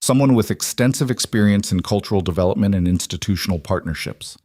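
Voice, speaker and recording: A man voicing a contrite businessman who keeps his voice steady and even. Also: on the low side, quick pace, dry recording, studio quality, close to an everyday voice. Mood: steady contrition. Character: contrite businessman husband, middle-aged, steady.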